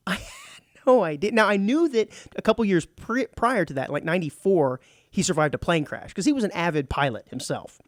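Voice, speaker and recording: A man's voice: high voice, lively intonation, a little fast, dry recording, studio quality. A man from Texas hosting a casual radio talk show, telling rambling stories full of restarts and teasing his co-host. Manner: rambling storyteller with many restarts.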